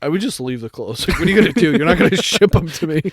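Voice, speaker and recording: A man's voice: on the high side, animated, rapid-fire, breathy edge, no room sound. Rambling young man with a dry close sound. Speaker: podcast co-host. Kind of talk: casual chat.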